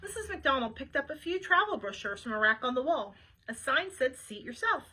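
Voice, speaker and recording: Lively woman librarian for a kids' read-aloud, high and bright, talks straight to the kids. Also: low-quality recording. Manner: chatty asides to young listeners. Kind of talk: reading a children's book aloud.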